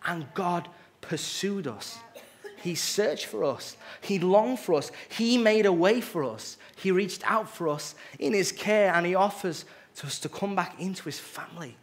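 A man's voice: sits high, lively intonation, measured pace. A man preaching a sermon, earnest and emphatic, with casual conversational asides. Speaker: pastor.

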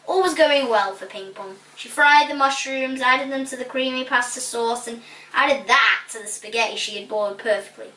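A woman reads a children's story aloud with lively, playful expression, relishing the silly words. Her voice is bright and raised, and it echoes in a roomy space, picked up from a distance. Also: a little high, moderate pace. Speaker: storybook reader. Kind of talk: expressive children's book reading. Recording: roomy echo, distant mic.

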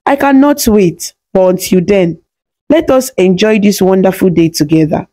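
Storybook role: woman voicing a kind old village grandmother, warm, teasing, mellow tone. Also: medium pitch, moderate pace, natural voice.

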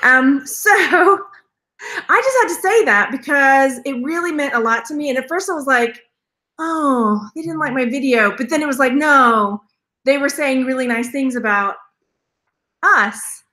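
A woman's voice: high-pitched, bright, forceful tone. A woman hosting a live stream, chatting with her viewers in a rambling, talkative way and laughing often. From Texas. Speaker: jewelry reseller, channel host.

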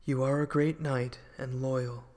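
A man voicing a wise, calm king who speaks with gentle firmness in a children's storybook. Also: mid-range voice, a little slow, lightly acted. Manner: gently firm, commanding.

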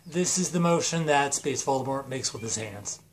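A man's voice: mid-range voice, animated, normal speed, a little hiss or hum. A man casually telling a comedic made-up story, rambling with fillers and swearing.

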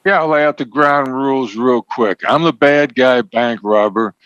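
A man as an interview guest, explaining negotiation points in a measured, emphatic teaching tone. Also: mid-range voice, a bit bright, clean tone, no echo. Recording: dull, slightly lo-fi sound.

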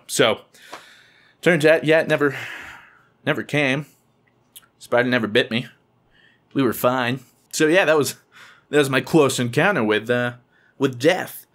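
A young man tells a funny story to camera in an excited, animated style, squealing in high voices for quotes. He keeps a measured pace with long pauses.

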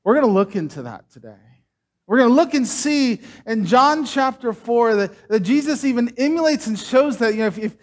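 A man's voice: very high voice, animated, moderate pace. A man preaching a casual sermon, chatting and joking with the congregation while doing a trick.

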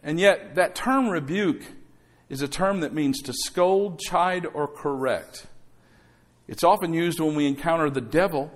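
A middle-aged man preaching as pastor keeps a measured pace with a fairly high pitch. He exhorts the congregation to say amen while throwing in rhetorical questions and conversational asides.

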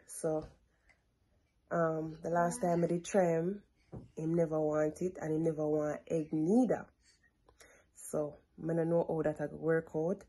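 A young woman, chatting casually to her vlog audience at home and coaxing her toddler in a soft, sing-song voice. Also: low-pitched, flat delivery, unhurried, long pauses, husky. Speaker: vlogger mother. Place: home, kitchen and bathroom.

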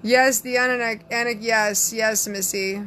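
Southern woman psychic, brash and chatty, bright edgy tone, faint room hiss. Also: on the high side, steady tone, unhurried. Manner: sassy, brash, reads viewer comments aloud. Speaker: psychic answering live chat. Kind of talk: casual live-stream chat.

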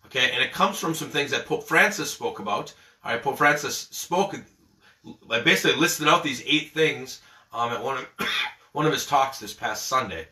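A man, a priest, giving a morning prayer reflection in a lively, conversational way, checking in often with "okay?" and "all right?". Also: medium pitch, moderate pace. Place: church. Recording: echoey church from a distance.

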